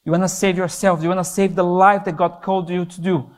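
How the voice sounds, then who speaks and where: Impassioned high-voiced male youth preacher. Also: level tone, quick pace. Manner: impassioned, rises and falls in pitch for emphasis. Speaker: youth pastor. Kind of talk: sermon.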